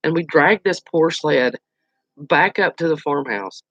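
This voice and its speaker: A speaker in their forties spins a story in casual, colloquial talk, full of exclamations. The voice sits at a middle pitch. The recording is dull and lo-fi, with a dry, close sound. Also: animated, unhurried, fairly bright tone, no echo. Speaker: outdoors channel host.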